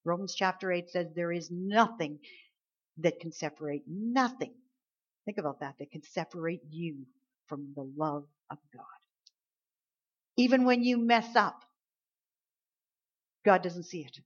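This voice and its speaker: A woman preaching a sermon, dropping to soft, low lines and then rising into loud, drawn-out emphasis. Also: slightly rough, muffled recording.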